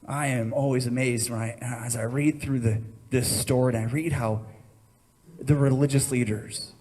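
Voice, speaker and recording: A man's voice: medium pitch, steady tone, normal speed, a little mellow. A man preaching a sermon as pastor, telling a story and acting out the voices in it with rising intensity.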